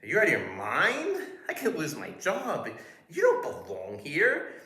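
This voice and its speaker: A man's voice: a little high, huge pitch swings, unhurried, pushed and bright, pitched above the performer's own voice, heavily acted. A man voicing an irate male security guard who scolds in a raised, indignant tone, in a roomy space. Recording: roomy echo.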